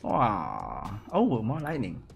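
A man's voice: on the low side, huge pitch swings, slow, creaky, faint music behind. A man live-streaming a game, shrieking, laughing and swearing in disbelief. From Southeast Asia. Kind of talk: excited live gaming stream.

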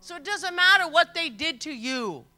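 A woman's voice: extremely high pitch, lively intonation, normal speed, sharp tone, soft background music. A middle-aged woman pastor preaching a sermon, telling stories emphatically, repeating phrases and laughing along as she goes. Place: church service.

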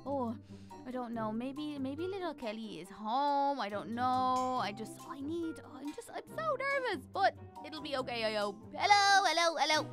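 A woman's voice: high-pitched, sing-song, normal speed, over music. A woman voicing a young girl in a game role-play who frets and hesitates as she talks to the viewers. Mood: chatty, uneasy. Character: young girl, anxious before getting braces. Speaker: Minecraft role-play character. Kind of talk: role-play vlog narration.

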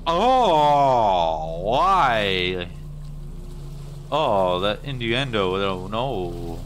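A man's voice: lowish voice, big pitch swings, extremely slow, slight background noise. A man in his twenties muttering uneasy reactions as he plays through a game and comments on it. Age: 20s. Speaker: gaming YouTuber. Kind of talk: gameplay commentary.

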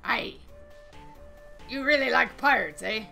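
A woman voicing a loud, gruff pirate captain in a video game, growling out her lines. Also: takes it slowly, faint music behind, heavily acted. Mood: boisterous. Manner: booming growly pirate talk.

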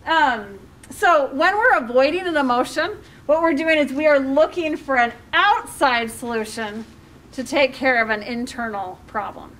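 A woman's voice: sits high, a little slow, fairly bright tone. A middle-aged woman, a life coach, giving a workshop talk to a group in a conversational way, with fillers and questions to the audience.

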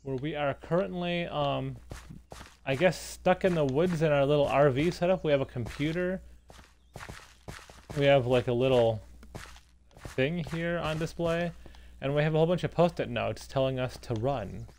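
A man commentating a game for his channel, with a voice that sits a little high for a man. He reacts with quick, startled exclamations as he plays, and a soft hiss of noise runs under the mic. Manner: excitable, lots of startled exclamations. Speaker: gaming channel host. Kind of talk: casual gameplay commentary.

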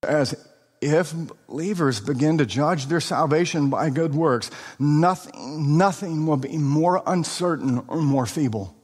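Earnest guy preaching in a hall, fairly high voice, slow and deliberate, big reverb. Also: a little mellow, husky. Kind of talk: sermon.

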